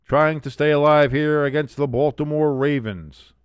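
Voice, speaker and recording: Excitable man calling football live. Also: a little high, normal speed, smooth, no echo. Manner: excitable play-by-play with blunt, profane reactions. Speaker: live-stream watch-along host. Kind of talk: casual live sports commentary.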